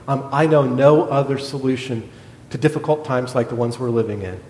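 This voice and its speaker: A middle-aged man preaching a sermon, telling a hospital story in a lively way and acting out the other people's lines. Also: normal speed. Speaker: pastor, former hospital chaplain. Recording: echoey hall with a faint rumble.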